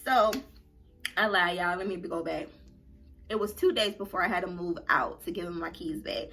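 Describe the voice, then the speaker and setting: A young adult woman vlogger telling a story to her viewers in a casual, animated and dramatic way. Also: fairly low pitch, normal speed, soft background music.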